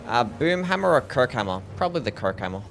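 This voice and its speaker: Streaming a game, this young Australian man chats fast in a creaky, medium-pitched voice over faint background music. He's laid-back and mumbly, responding to viewers' questions and frequently drifting off with an uncertain "I don't know."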